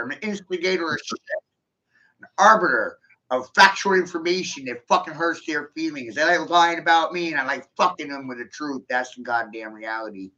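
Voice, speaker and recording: Brash male vlogger, bright forceful voice, swears freely, slightly high pitch, lo-fi sound. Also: brisk. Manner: provocative, laughing often, swearing. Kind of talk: rambling profane monologue.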